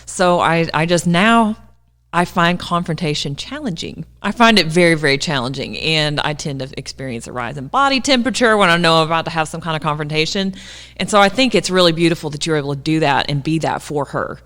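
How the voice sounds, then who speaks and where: A woman's voice: deep voice, fairly quick, a bit bright. Reflective woman co-host, reverberant sound. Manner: reflective, earnest. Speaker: podcast co-host. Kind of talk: casual chat.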